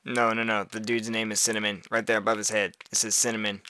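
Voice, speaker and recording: A man's voice: lowish voice, flat delivery, quick pace, bright, forceful tone. A man casually commentating a multiplayer game, rambling and laughing often. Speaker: gaming video host.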